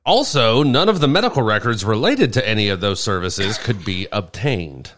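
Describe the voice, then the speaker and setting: A man with a low voice that swings widely in pitch chats on a podcast. He talks in a dry, halting way, stumbling over words as he reads news items aloud. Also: sing-song, a bit bright, slight background noise. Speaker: podcast co-host. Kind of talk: casual chat, reading news aloud.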